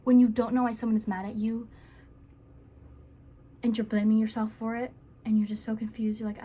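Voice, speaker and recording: A woman's voice: a little high, little pitch movement, brisk, long pauses, warm tone, a little hiss or hum. A woman giving earnest, rambling self-help advice to camera in a casual vlog, with playful asides.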